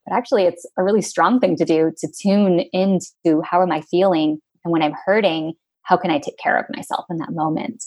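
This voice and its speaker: Woman, interview guest, slightly low voice, reflective, casual, lots of fillers. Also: a little fast, hardly any pauses, darkish tone, slightly rough. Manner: reflective, uses many fillers like "like" and "um".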